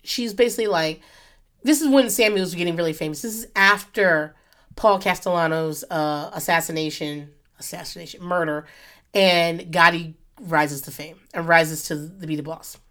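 A woman's voice: lowish voice, moderate pace, fairly bright tone. A woman in her thirties hosting a solo podcast, talking casually into her mic, swearing freely and drifting off on tangents. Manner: rambling, profane, goes off on tangents. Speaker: podcast host. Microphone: podcast microphone.

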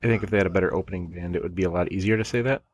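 A man with a very deep voice co-hosting a casual podcast. He chimes in with short, laid-back remarks. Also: rapid-fire, slight background noise. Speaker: podcast co-host.

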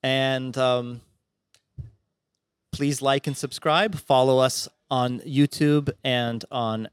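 A man's voice: medium pitch, fairly even intonation, takes it slowly, smooth, dry recording. A man hosting a podcast, thanking his guest and carefully spelling out names in a friendly way. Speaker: podcast host. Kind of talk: interview wrap-up.

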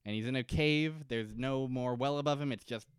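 A man's voice: mid-range voice, moderate pace, clean tone, dry recording, studio quality. A man co-hosting a casual comedy podcast, recapping a TV episode in a rambling, jokey way and slipping into silly voices. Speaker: podcast co-host.

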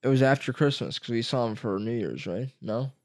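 A young man in casual, joking chat with a friend, swearing and putting on quick voices. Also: mid-range voice, no room sound, studio quality. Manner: swearing, joking, animated impressions.

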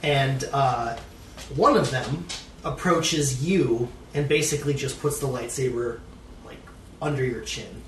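Halting game master in an echoey room. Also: male voice, medium pitch, distant mic. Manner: halting, full of uh and um. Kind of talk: narrating a tabletop game. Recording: echoey room, off-mic, faint noise.

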